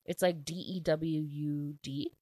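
Woman, book recap vlogger, lower voice, dry close sound, excitable and chatty. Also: slow, no echo. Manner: chatty, heavy use of "like" fillers; excitable and animated when reacting. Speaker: book reviewer.

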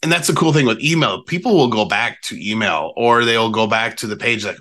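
A man guest on a podcast interview, chatty and animated, using casual fillers as he explains email marketing. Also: mid-range voice, brisk, hardly any pauses.

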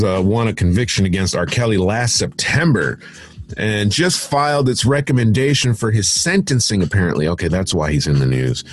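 Guy w a lowish voice reading headlines, shrugging them off with snarky one-liners. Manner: dismissive, sarcastic asides. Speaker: host. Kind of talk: casual headline commentary.

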